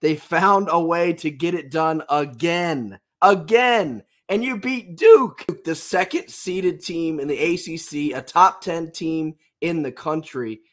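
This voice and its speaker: A man hosting a sports podcast with a raspy, under-the-weather voice, enthusiastic and emphatic. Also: a little high, slow pace, few pauses, a bit bright. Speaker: podcast host.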